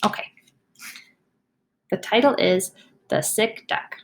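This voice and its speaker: A woman teacher, leading a demonstration reading lesson for young students, encouraging and clearly sounding out words. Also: medium pitch, slow, a little hiss or hum.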